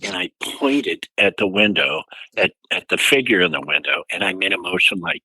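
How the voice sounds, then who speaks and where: An older man from St. Louis telling an animated story as a guest in an interview. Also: deep voice, normal speed, creaky, husky, no room sound, rough recording. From St. Louis, USA. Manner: animated anecdote-telling with quoted voices. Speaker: musician guest.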